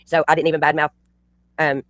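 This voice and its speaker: Brief: quick, blunt woman host, swears freely, rambles through a retelling, dry close sound. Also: low-pitched, little pitch movement, no room sound. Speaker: channel host. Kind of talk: casual livestream storytelling.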